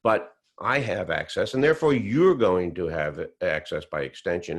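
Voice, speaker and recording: A man's voice: moderate pace, hardly any pauses. A man telling a story from his own life, acting out other people's quoted lines with big shifts in his voice. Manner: acts out quoted voices with big pitch swings. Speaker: speaker recounting whistleblowing story. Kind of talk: animated storytelling talk.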